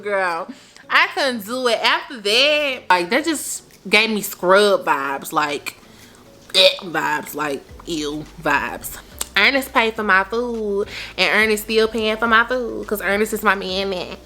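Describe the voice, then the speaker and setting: A young adult woman telling a story in casual, animated vlogger chat, her pitch swooping up for emphasis. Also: takes it slowly.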